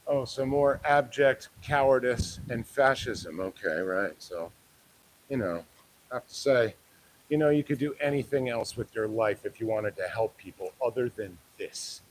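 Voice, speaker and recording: A man filming a street vlog, switching between low muttered asides to the camera and sarcastic, mock-formal heckling. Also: a little slow, rough recording. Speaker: protester filming himself.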